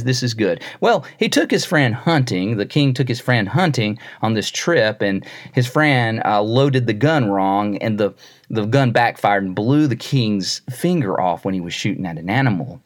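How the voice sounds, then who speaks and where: A man preaching a sermon in a mid-range voice. He is earnest and often stumbles into his phrases by repeating a word. He tells illustrative stories and voices the people in them. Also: mid-range voice. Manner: earnest, repeats words when starting phrases; storytelling with quoted voices.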